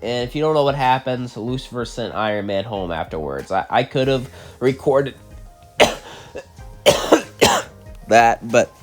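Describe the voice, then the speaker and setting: A man hosting his own channel, telling a crossover story in a casual way and then ranting in an animated, exasperated voice, with a slight cough. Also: mid-range voice, unhurried, pauses often, soft background music. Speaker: channel host, narrator.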